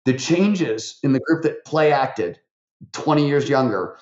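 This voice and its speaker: A man, a podcast guest, tells stories in an animated way, with lots of fillers and restarts. His voice jumps up when he quotes people. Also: mid-range voice, a little slow. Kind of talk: animated interview storytelling. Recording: roomy, slightly dull recording.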